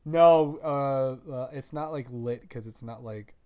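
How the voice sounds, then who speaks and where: A man's voice: mid-range voice, takes it slowly, a little mellow, clean tone. Young male podcast host, upbeat and slangy, casual chat.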